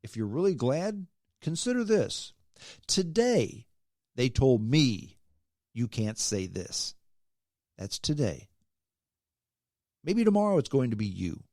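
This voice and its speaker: A man hosting a solo podcast, his pitch swinging widely as he drives his points home. His speech is emphatic and conversational, often closing a thought with a challenging "okay?". The sound is close and dry, with no room around it. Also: big pitch swings, a little slow, pauses often, a little mellow, no echo. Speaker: podcast host. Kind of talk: solo podcast opinion rant.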